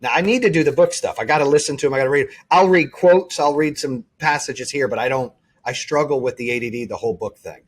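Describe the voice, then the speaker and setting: A man's voice: medium pitch, quick pace, hardly any pauses, breathy edge. A man hosting a podcast, chatting casually and earnestly with frequent restarts. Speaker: podcast host. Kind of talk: casual interview chat.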